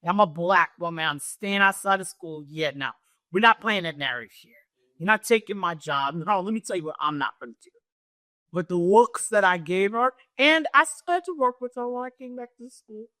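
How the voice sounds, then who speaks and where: A middle-aged woman with a naturally loud voice, a guest telling an emotional personal story and acting out what others said. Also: medium pitch, moderate pace, no echo, clean studio sound. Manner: animated, acts out what others said.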